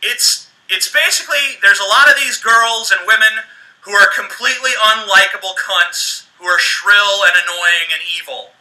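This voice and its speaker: High-voiced man in a crude rant. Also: moderate pace, pushed and bright, poor audio. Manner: crude, contemptuous, swearing. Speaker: video blogger in a played clip. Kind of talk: ranting vlog.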